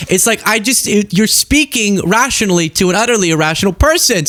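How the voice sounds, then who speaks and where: A man's voice: high-pitched, lively intonation, fast talker, few pauses, bright, forceful tone. A man hosting a political commentary show, talking casually and sarcastically, acting out exaggerated voices.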